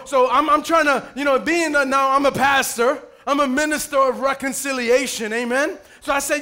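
A man's voice: very high-pitched, brisk. A man pastor preaching a sermon, telling stories playfully, calling for amens and raising his voice at key points. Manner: lively, playful storytelling with calls for amen.

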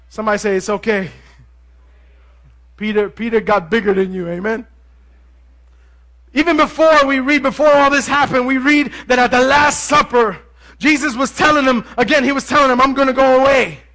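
A male preacher giving a lively, conversational sermon, joking with the congregation as he goes. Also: very high voice, moderate pace.

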